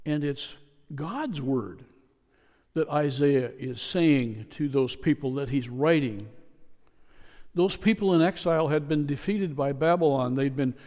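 A man preaching a sermon in a church, speaking in a measured, repetitive way with emphatic pauses. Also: fairly high pitch, a little mellow. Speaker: pastor. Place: church sanctuary. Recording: long reverb of a church hall.

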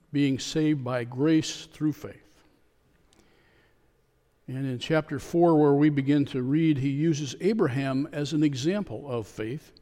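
A man preaching a sermon as a pastor, telling a story with a joke in a calm, measured way. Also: a little high. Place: church sanctuary. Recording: long church reverb.

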